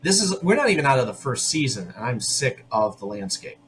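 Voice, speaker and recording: The same kind of casual episode recap comes from a podcast host whose mid-range, slightly bright voice swings widely in pitch. He's loose and opinionated, speaking in quick bursts and often restarting sentences, with faint hiss beneath.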